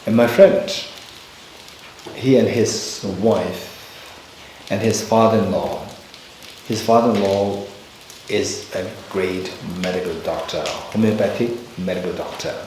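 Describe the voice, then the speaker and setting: Buddhist teacher, male, storytelling dharma talk, halting then emphatic, booming temple-hall echo, faint background hum. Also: steady tone, a little mellow. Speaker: Buddhist teacher leading a retreat. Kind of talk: dharma talk with personal anecdote. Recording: very echoey hall.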